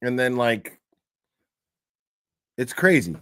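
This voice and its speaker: A man's voice: mid-range voice, very animated, slow pace, fairly bright tone, smooth, no room sound, studio quality. A man hosting a casual reaction show, talking bluntly with lots of swearing and filler words. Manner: blunt, swears a lot, rambling with many fillers. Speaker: commentary host. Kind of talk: casual profane reaction commentary.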